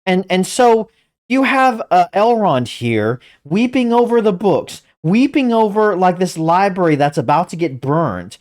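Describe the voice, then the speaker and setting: A woman hosts a reaction commentary, excitable and stammering with disbelief. Her pitch swings widely as she talks. She speaks at an unhurried pace. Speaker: channel host.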